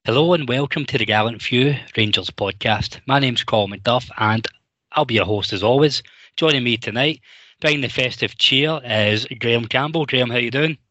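Bright-toned Scottish man hosting. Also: mid-range voice, moderate pace, no room sound, dull audio. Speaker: podcast host. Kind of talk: casual chat.

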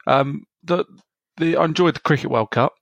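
A man's voice: a little high, normal speed, dry recording. A man co-hosting a podcast, talking casually and hesitantly with plenty of ums. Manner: hesitant, full of ums and uhs. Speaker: podcast co-host. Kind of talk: casual chat.

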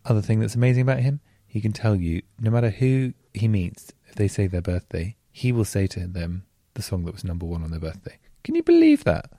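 A man hosts a podcast in a relaxed, earnest way, leaning on fillers as he talks. His voice is low-set and mellow. The sound is close and dry. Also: a little fast, hardly any pauses, dry recording. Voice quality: chatty, earnest, uses many fillers. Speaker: podcast host. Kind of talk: casual chat. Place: at home in bed.

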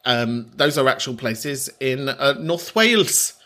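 A man's voice: mid-range voice, expressive, slow pace, bright, forceful tone. A man from the UK hosting a podcast in casual comic chat, camp and sweary, often breaking into laughter mid-sentence. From United Kingdom. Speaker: podcast host.

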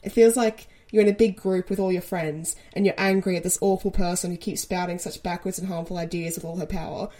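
A woman's voice: fairly low pitch, steady tone, fairly quick, hardly any pauses, mellow. Earnest woman podcast co-host. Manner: earnest, laughs often, swears casually. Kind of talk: casual podcast chat.

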